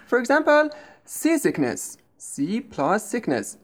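Woman english teacher, slow and patient, voice goes up and down a lot, lesson dialogue. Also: a little high, very animated. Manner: patient, explains slowly and clearly. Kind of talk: scripted language-lesson dialogue.

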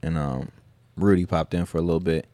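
A man's voice: low-pitched, steady tone, brisk, warm tone, dry recording. A man co-hosting a podcast, telling stories in a laid-back, profane, casual way. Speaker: podcast co-host and DJ. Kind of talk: casual chat.

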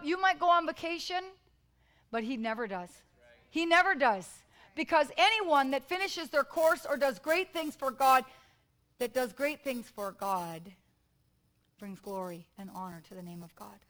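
A woman's voice: on the high side, fairly bright tone, low-quality recording. Emphatic woman preaching a sermon. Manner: emphatic, repetitive call-and-response preaching. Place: church.

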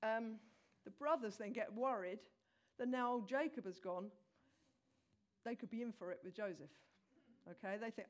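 A woman preaching a sermon, retelling a scripture story in a lively, conversational way and addressing the congregation directly. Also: a little high, normal speed.

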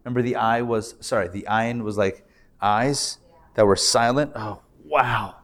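Upbeat rabbi teaching Hebrew reading. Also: male voice, medium pitch, a bit bright. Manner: upbeat, playful, breaks down sounds slowly. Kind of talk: live classroom teaching. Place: class hall, recorded live.

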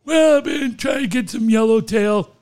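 A man's voice: very high voice, normal speed, darkish tone, pitched above the performer's own voice. A man voicing a touchy, boastful older male caller who squawks back at the host. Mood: indignant. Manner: squawking, indignant.

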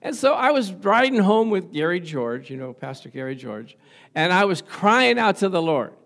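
With a high, bright, sing-song voice at a moderate pace, a man in his sixties preaches a lighthearted sermon about his marriage. Laughter comes often, and he keeps checking in with the church by calling out "Amen?"

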